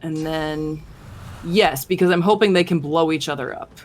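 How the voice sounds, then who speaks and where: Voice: medium pitch, moderate pace. A podcast co-host chatting casually while gaming, rambling through explanations with many fillers. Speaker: podcast co-host playing a game. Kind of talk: casual gameplay chat.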